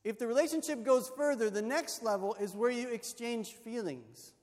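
A man's voice: extremely high pitch, moderate pace, a little mellow. A middle-aged man preaching a sermon as pastor, telling stories and punching his key points with emphasis. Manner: storytelling with acted voices, punchy emphasis. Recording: long hall reverb.

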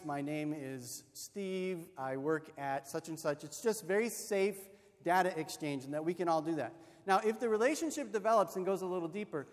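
A middle-aged man preaching a sermon as pastor, telling stories and punching his key points with emphasis. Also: high voice. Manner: storytelling with acted voices, punchy emphasis. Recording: long hall reverb.

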